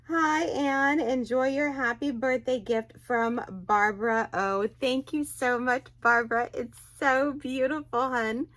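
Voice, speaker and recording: A woman crochet vlogger chatting excitedly as she unboxes birthday gifts, gushing and exclaiming often. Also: high voice, takes it slowly, no room sound.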